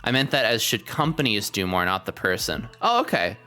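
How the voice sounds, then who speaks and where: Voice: mid-range voice, expressive, brisk, bright, forceful tone, soft background music. A podcast host chatting casually on a livestream, rambling with lots of fillers and the odd swear word.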